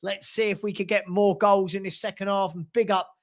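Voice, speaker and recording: A man's voice: high voice, little pitch movement, a little fast. A middle-aged man from South London with a London accent, hosting a casual live-stream football chat and reading out scores and viewer messages.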